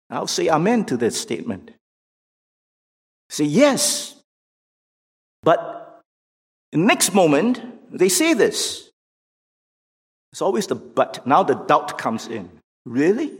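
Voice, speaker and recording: A man preaching a sermon in an emphatic, deliberate way, pushing questions up almost to a shout. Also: on the high side, very animated. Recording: long reverb of a large hall.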